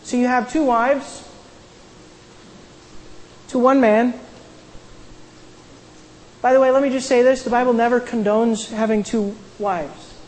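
A woman's voice: fairly high pitch, steady tone, takes it slowly, long pauses, darkish tone, big-room sound, low-quality recording. A woman casually retelling a Bible story as a sermon, with conversational asides and frequent restarts. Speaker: Bible teacher.

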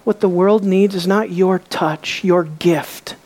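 Speaking slowly with fairly even intonation, a woman delivers a sermon. She puts rhetorical questions to her congregation and alternates quiet, low asides with loud exclamations.

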